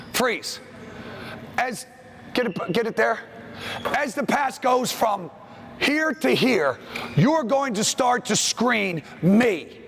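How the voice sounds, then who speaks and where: Brief: male clinic coach, lively up-and-down delivery, snaps quick commands on court, faint noise behind. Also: sits high, gravelly. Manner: brisk commands, calls out plays. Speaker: basketball coach leading a clinic. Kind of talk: on-court coaching drill instruction. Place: school gym.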